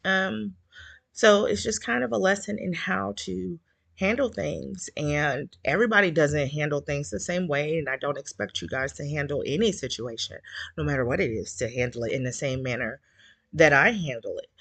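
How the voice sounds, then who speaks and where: Speaking to listeners in a casual chat, a female community group host is candid, emotional, and slightly teary, with plenty of fillers. Her low, gravelly voice has a fairly bright tone, moves at a normal speed, and carries no room sound.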